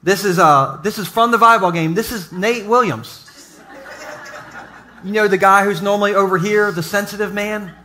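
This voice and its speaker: High, bright-voiced joking pastor. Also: male voice, normal speed, a little hiss or hum. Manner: jokey storytelling with asides to the audience. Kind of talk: humorous sermon. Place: church service before a live congregation.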